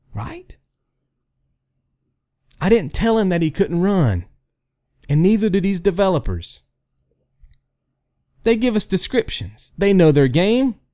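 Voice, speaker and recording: A man hosting a gaming channel, ranting to camera in a casual way, telling hypothetical stories and often asking "right?". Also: sits high. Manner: animated, rhetorical, keeps asking "right?"; storytelling with hypotheticals. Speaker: gaming video host.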